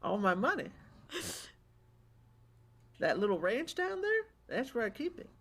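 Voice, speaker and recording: A woman's voice: fairly high pitch, sing-song, measured pace, heavily acted. A woman voicing a secretive frontier man in a western roleplay game, wary and questioning. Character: secretive frontier man guarding his stash.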